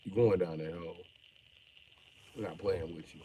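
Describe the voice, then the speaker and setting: A middle-aged man ranting bluntly and profanely on a live stream, jumping from mutters to sudden shouts while joking around. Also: sits low, moderate pace, slight background noise, low-quality recording. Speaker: livestreamer.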